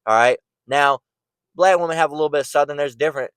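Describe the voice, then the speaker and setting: Man, online preacher, blunt and profane, higher than average voice, dead-dry recording. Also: fast, fairly bright tone, smooth, dry recording. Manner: blunt, profane, repeats words when fired up. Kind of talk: informal preaching rant.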